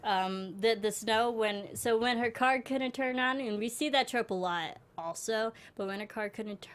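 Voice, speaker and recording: A woman co-hosting a casual review show about TV holiday movies, bubbly and quick to trail off mid-sentence. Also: fairly high pitch.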